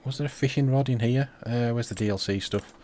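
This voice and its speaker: A man's voice: medium pitch, fairly quick, a little mellow, a little hiss or hum. A man giving casual commentary while playing a farming game, chatty and thinking aloud to himself. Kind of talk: casual let's-play commentary.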